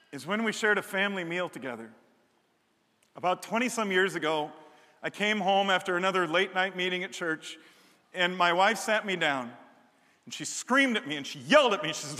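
A middle-aged man preaching a sermon as a pastor, animated and joking, building to emphatic repeated lines on a stage microphone. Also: high-pitched. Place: large church hall. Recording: long hall reverb.

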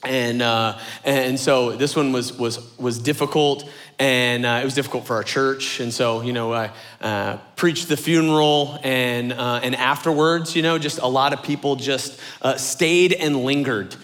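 A young adult man, a lead pastor, preaching a sermon as an animated storyteller who acts out quotes in a high voice. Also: unhurried. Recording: long hall reverb.

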